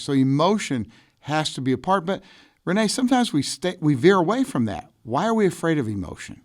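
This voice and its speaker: A man's voice: fairly high pitch, very animated, fairly quick, no room sound, studio quality. A male host adding a quoted saying and then asking his guest a question. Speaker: podcast host. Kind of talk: interview questions.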